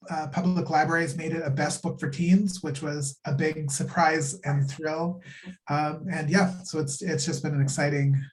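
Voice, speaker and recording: A man, a guest author, pitching his young adult novel eagerly over a video call. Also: darkish tone, low-quality recording. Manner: upbeat, eager. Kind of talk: book pitch at a virtual event.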